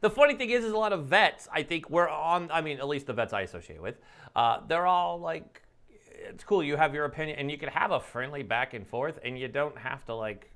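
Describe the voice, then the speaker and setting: A man hosting a podcast, chatting casually with his guest and getting animated in his asides. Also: fairly high pitch, brisk. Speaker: podcast host.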